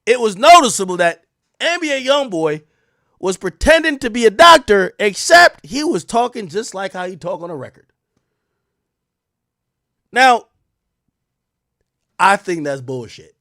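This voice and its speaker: A young adult man hosting a commentary show, talking in a mocking, animated way that swings from loud outbursts to low muttered asides. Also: a little slow, long pauses, dry recording, clean studio sound. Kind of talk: sarcastic news commentary.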